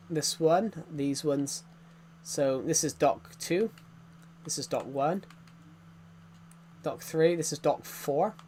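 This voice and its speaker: A man's voice: on the high side, a little hiss or hum. A young British man streaming a game, giving a rambling casual tour with lots of fillers and restarts. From Britain.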